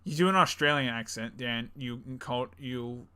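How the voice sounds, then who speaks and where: A man's voice: mid-range voice, moderate pace, sharp tone, clean tone. A young man co-hosting a podcast in casual chat, jokey and rambling, laughing often. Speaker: podcast co-host.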